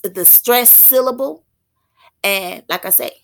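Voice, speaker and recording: A woman teaching as a self-styled prophetess, thinking aloud in a halting way and stopping to read passages out. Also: medium pitch, creaky. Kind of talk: slow spoken teaching.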